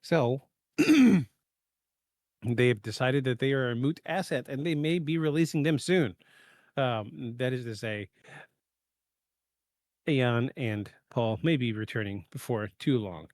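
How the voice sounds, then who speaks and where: A man hosting a live podcast in casual chat, rambling with many fillers and clearing his throat from allergies. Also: mid-range voice, lively intonation, unhurried, long pauses, a little mellow, dry recording. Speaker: podcast host. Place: home setup in the eastern US.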